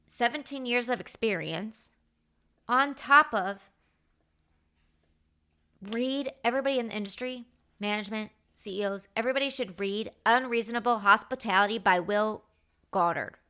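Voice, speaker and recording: A woman, hosting her own podcast and telling work stories in a chatty, animated way, acting out what others said. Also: on the high side, smooth. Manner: animated, chatty, acts out quoted dialogue. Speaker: podcast host. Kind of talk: casual storytelling monologue.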